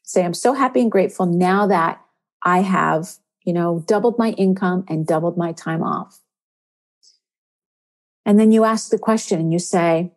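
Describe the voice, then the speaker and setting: A woman's voice: medium pitch, moderate pace, darkish tone. Encouraging woman podcast host. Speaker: podcast host and spiritual coach. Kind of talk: inspirational podcast talk.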